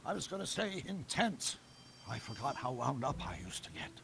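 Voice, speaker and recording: A man's voice: mid-range voice, very animated, moderate pace, gravelly, a bit bright, slight background noise. An actor playing an older male scientist in a game, wry and lecturing. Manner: wry, lecturing technical explanations.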